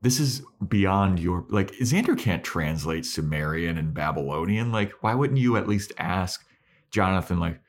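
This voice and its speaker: A man's voice: sits low, measured pace. A man hosting a podcast, chatting casually and acting out bits of dialogue from an episode. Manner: animated, acts out lines from the episode. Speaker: podcast host. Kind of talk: casual chat recapping a TV episode.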